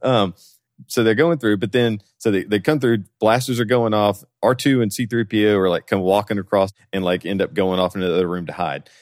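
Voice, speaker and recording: A man's voice: fairly low pitch, brisk, hardly any pauses, no room sound, studio quality. A man co-hosting a casual podcast chat, riffing and laughing through jokes. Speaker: podcast co-host.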